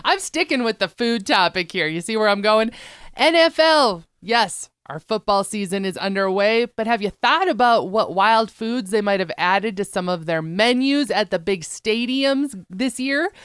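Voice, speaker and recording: A woman's voice: mid-range voice, expressive, moderate pace, fairly bright tone, clean tone, dry recording, studio quality. A woman co-hosting a casual talk show, chatting upbeat and reading out news items. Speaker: co-host.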